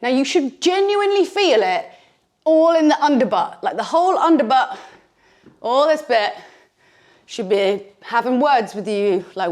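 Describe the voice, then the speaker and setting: With a clip-on microphone on her t-shirt, a woman runs a bodyweight workout, chatting, joking and cheering people on while a bit breathless. She has a high, expressive voice and speaks a little slowly.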